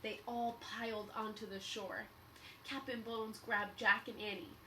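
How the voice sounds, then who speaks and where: A woman teacher reading a children's book aloud at story time, expressive and encouraging. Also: fairly high pitch, a little slow, recorded from a distance, slight background noise, rough recording.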